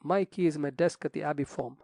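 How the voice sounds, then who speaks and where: A man doing a sharp, impatient young squire. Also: on the high side, fast talker, creaky, dry recording. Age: young adult.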